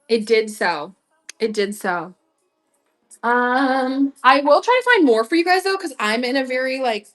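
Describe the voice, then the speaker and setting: A woman's voice: fairly high pitch, a bit bright. A young woman chatting bubbly and slangy as she sells clothes on a live stream, often breaking into giggles. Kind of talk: casual live-sale chat.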